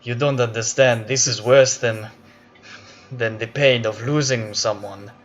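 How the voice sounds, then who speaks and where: A man's voice: mid-range voice, fairly even intonation, a little slow, fairly bright tone, muffled recording, a little hiss or hum, close to an everyday voice. A man doing a fretful formal train conductor. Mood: worried. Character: flustered male train conductor.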